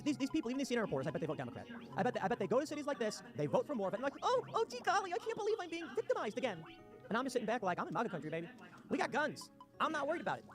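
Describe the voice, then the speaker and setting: A man giving sarcastic, combative commentary on a livestream, reading posts aloud and ranting. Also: high-pitched. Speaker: political commentator. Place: home in West Virginia. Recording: music playing underneath. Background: music.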